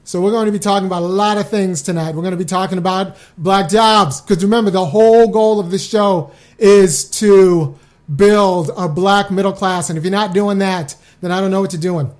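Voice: medium pitch, steady tone, moderate pace. A talk show host on a live stream, chatting loosely with viewers and often breaking off to restart a thought.

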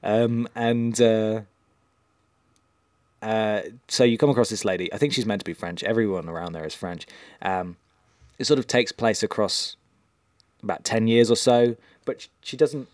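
Rambling man, low voice. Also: fairly even intonation, normal speed, a little mellow, no echo, studio quality. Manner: rambling and hesitant, with lots of um and uh. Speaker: podcast co-host. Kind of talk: casual chat.

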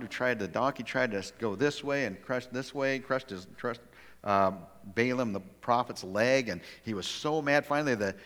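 A man preaching a sermon in a church, with an ordinary mid-range pitch. He tells the story in an animated way and often stops to restart a phrase. The sound trails off in a long reverb around him. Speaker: pastor. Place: church sanctuary.

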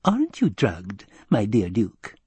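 A man's voice: lowish voice, huge pitch swings, a little slow, mellow, breathy edge, dry recording, exaggerated voice. A man voicing a silky, scheming male advisor who hesitates and defers to his lord. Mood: deferential.

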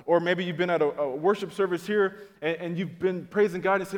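A man preaching a sermon to his congregation, telling comic stories and acting out scenes, swinging from loud to quiet. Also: sits high, a little fast, long reverb tail. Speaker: pastor. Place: church auditorium, on stage.

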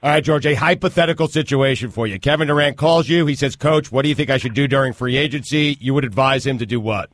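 Man, mid pitch, radio co-host, direct questions, dry sound. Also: fast, few pauses, a bit bright, no room sound. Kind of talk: sports talk radio.

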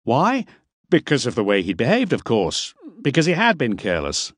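A man's voice: medium pitch, huge pitch swings, normal speed, a bit bright, no room sound, clean studio sound, voice pushed up. A man playing a hired driver and guide who talks respectfully and a little indignantly while hiding his nerves. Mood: respectful indignation. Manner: respectful, indignant, a bit defensive.

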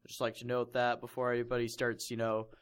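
A man's voice: mid-range voice, monotone, fast talker, clean tone. A young man reading a fan fiction aloud in a casual comedic chat, mocking it and laughing often. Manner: mocking, laughs often, puts on silly voices for quotes.

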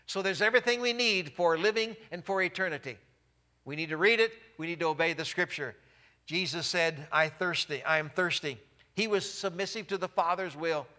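A man preaching a sermon as pastor, emphatic and repeating key phrases, dropping to a quiet low voice for solemn lines. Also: fairly quick, big-room sound.

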